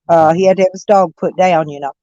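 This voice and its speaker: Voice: mid-range voice, fairly even intonation, fast, mellow, no room sound, dull audio. A person telling a story in casual livestream chat, rambling and stumbling over restarts.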